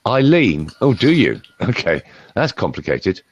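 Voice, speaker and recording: A man's voice: on the low side, wildly swooping pitch, unhurried, muffled recording, slight background noise. A middle-aged man, a voice coach, giving a playful, rambling demonstration and talking straight to one viewer. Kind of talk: lively demonstration talk.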